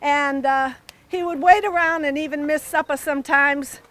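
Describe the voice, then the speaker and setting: A woman giving gentle, thankful remarks at an outdoor dedication ceremony. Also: high-pitched, fairly even intonation, moderate pace. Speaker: family member giving remarks. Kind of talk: prepared speech.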